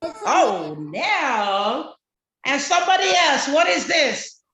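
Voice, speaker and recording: High-voiced woman telling a kids' story. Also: takes it slowly, roomy sound, slight background noise. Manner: animated, expressive, asks kids questions. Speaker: children's storyteller at church. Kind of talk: children's story on a video call. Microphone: video call.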